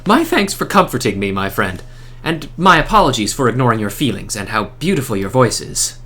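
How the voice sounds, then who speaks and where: A man's voice: medium pitch, sing-song, fairly quick, sharp tone, husky, exaggerated voice. A man voicing an earnest young male scholar from a game who talks in formal, old-fashioned phrasing. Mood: contrite.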